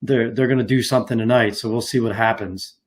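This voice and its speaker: A man in casual podcast chat, talking at an ordinary middle pitch. He rambles along with lots of "like" and "you know", restarting his sentences as he goes. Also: steady tone, fast talker. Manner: rambling, many fillers and restarts. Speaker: podcast co-host.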